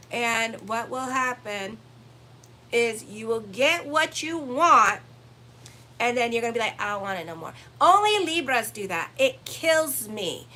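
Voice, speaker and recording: A woman's voice: mid-range voice, pushed and bright, slight background noise, poor audio. A woman astrologer giving a casual weekly horoscope reading, blunt and profane, teasing her listeners. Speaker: astrologer and tarot reader.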